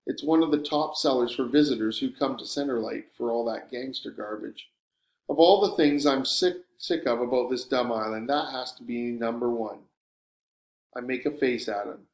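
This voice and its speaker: A man reading a first-person audiobook narration in a sardonic, wry storytelling manner. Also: mid-range voice. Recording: roomy room echo.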